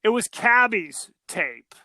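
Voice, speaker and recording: Guy podcaster retelling a movie plot, high bright voice, dry close sound, does little character bits. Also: slow, no echo. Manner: animated storytelling, acts out characters' lines. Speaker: podcast co-host. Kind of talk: casual movie recap chat.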